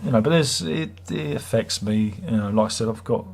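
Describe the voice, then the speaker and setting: A middle-aged British man hosts a livestream, rambling along in a wry, self-mocking way. His voice is lowish, creaky and a little mellow, and he talks briskly.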